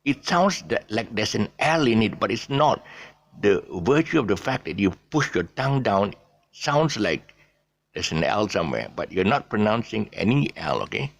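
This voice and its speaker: A middle-aged man teaches pronunciation off the cuff in a deep, gravelly voice. His pitch swings widely as he drills words over and over, then drops to quiet asides. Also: sing-song, moderate pace. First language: Eurasian family speaking English as mother tongue. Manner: rambling, repeats words many times, drops into soft asides.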